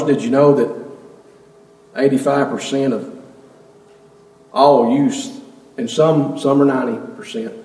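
A man's voice: medium pitch, mellow. A man preaching a sermon in a church, earnestly putting rhetorical questions to the congregation. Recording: echoey hall, mic at a distance.

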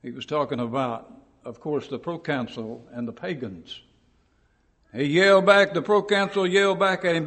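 A man preaching a sermon in a church, telling stories with dramatic build and shouting out quoted lines. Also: a little high, moderate pace, long reverb tail.

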